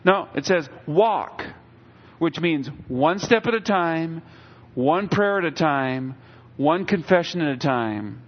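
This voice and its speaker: Middle-aged male pastor, slightly high voice, chatty preaching with acted-out asides, dull lo-fi recording. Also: animated, takes it slowly. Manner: conversational preaching with acted-out quotes. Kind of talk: sermon.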